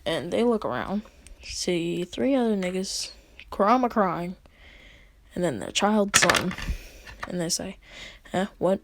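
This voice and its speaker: A woman casually retelling a fan story in a rambling way, with fillers and hushed asides. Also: lowish voice, expressive, a little slow, pauses often, slight background noise.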